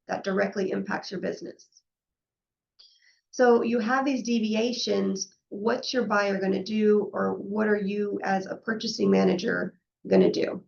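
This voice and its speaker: Woman presenter with gravelly tone. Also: medium pitch, dull audio. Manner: conversational, frequently adds "right?" and acts out quoted exchanges. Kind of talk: professional webinar presentation.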